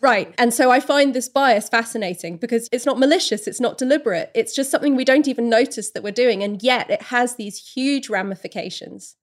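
A woman's voice: on the high side, fairly quick, few pauses. A woman writer as an interview guest, explaining in a thoughtful, explanatory way and sometimes correcting herself mid-sentence. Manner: thoughtful, explanatory, with occasional self-correcting restarts. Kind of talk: podcast interview.

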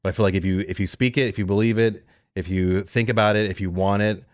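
A man in his thirties with a low voice tells his career story at a quick clip. He slips into animated voices when he quotes people. The sound is dry and close. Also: dry recording. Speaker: radio show cast member. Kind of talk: conversational storytelling.

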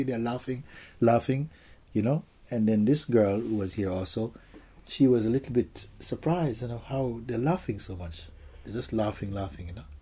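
Casting: deep, warm-toned man as a spiritual teacher, soft and gentle. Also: husky. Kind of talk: spiritual Q&A talk.

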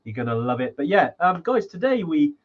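A man's voice: a little high, big pitch swings, fairly quick, dull audio. A man co-hosting a podcast in casual chat, rambling with lots of restarts and fillers. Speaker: podcast co-host.

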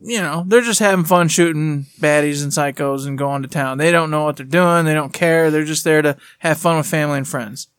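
A man's voice: fairly high pitch, fairly quick, hardly any pauses, smooth, dry recording. Upbeat man co-hosting a gaming podcast. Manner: animated, laughs often, quotes people in put-on voices. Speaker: podcast co-host. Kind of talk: casual podcast chat.

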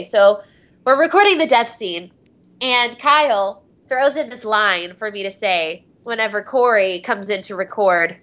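Young woman voice actress rambling on a panel, lots of um and like, bright tone. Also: mid-range voice. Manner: rambling, giggly storytelling with many fillers. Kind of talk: casual convention panel talk.

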